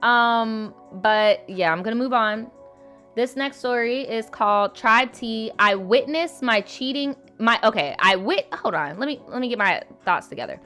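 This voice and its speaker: Brief: woman host, casual live-chat style, blunt and profane, quick to laugh, slightly high voice, faint music underneath. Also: sharp tone. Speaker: livestream host reading viewer stories.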